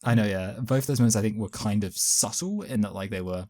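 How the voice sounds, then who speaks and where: A man's voice: fairly low pitch, a little fast, a little mellow. A man co-hosting a casual movie review chat, rambling with lots of fillers and self-corrections. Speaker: podcast co-host.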